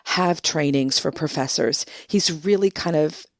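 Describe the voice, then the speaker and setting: A low-pitched woman speaks as a podcast guest, recounting stories with emphatic, indignant stress and frequent restarts. Her voice is close to the mic and dry, with no room sound. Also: measured pace, dry recording. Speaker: guest, book contributor. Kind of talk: animated conversational storytelling.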